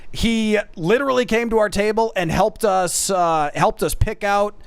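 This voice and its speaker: A man's voice: high voice, normal speed, gravelly, clean tone, dry recording. A man streaming, chatting casually and self-deprecatingly, calling his viewers folks. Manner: animated, self-deprecating, addresses chat as folks. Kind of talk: casual chat.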